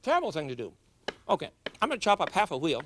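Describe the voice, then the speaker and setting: Cooking show host, middle-aged man, slightly high and very animated, chatty and self-mocking. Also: fast talker, a little hiss or hum. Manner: chatty, jokes with viewers, laughs at himself. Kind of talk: cooking demonstration. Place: studio kitchen.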